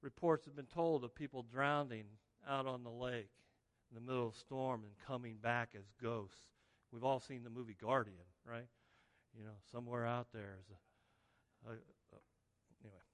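A man preaching a sermon as pastor, telling the story in an animated way and acting out the scenes. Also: medium pitch, normal speed. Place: church sanctuary. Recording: long reverb of a large hall.

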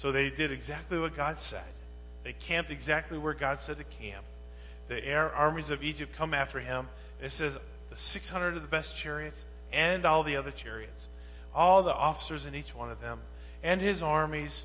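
Man preaching a sermon, fairly high voice, quiet readings breaking into loud questions, long reverb, muffled sound with mains hum. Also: moderate pace, soft background music. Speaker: pastor.

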